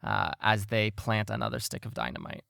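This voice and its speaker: A man's voice: on the low side, big pitch swings, normal speed, gravelly, bright, forceful tone, no echo, studio quality. A man narrating as game master, talking with many fillers and restarts.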